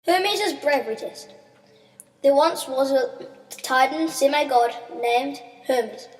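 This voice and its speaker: High-voiced woman reading a story. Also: slow. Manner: plain storybook narration. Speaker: story reader. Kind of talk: reading a written story aloud. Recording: echoey reverberant room.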